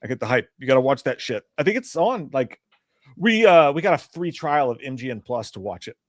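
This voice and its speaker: A man's voice: mid-range voice, big pitch swings, a little fast, no room sound, studio quality. A man in his thirties co-hosting a casual live-stream chat show, rambling through stories and swearing freely. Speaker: podcast co-host.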